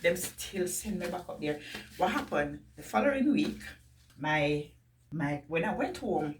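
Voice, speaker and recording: A woman's voice: on the low side, lively intonation, slow pace, recorded from a distance, a little hiss or hum. A woman with a Jamaican accent telling viewers a personal story in an emotional, earnest way, often speaking straight to them.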